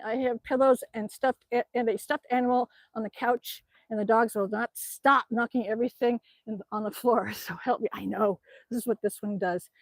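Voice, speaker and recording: A woman's voice: fairly high pitch, no room sound. Chatty woman cooing to her dog. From Alaska. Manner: chatty, laughs often, coos softly to her dog. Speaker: livestream host reading chat. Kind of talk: casual livestream chat.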